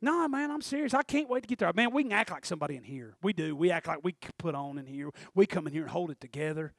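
A man preaching a fervent sermon, moving between loud shouted peaks and quiet, confiding asides. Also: fairly high pitch, animated, quick pace, vocal fry, no room sound, clean studio sound. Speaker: pastor.

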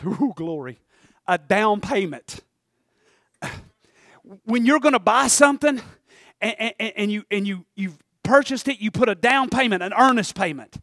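A man preaching a sermon as pastor, swinging from soft asides to shouted calls of "Amen?". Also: high-pitched, lively intonation, normal speed, no echo, clean studio sound.

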